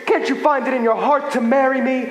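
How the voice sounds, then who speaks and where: A man's voice: extremely high pitch, steady tone, a little fast. A young man playing an earnest, lovesick groom who pleads with his bride. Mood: pleading. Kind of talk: stage musical acting. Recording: echoey theater with music.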